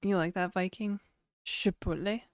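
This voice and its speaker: Rambling woman streamer reading chat; smooth voice, dry close mic. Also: on the low side, moderate pace, dry recording. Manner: rambling, chatty, reads chat aloud. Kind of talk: casual live-stream chat.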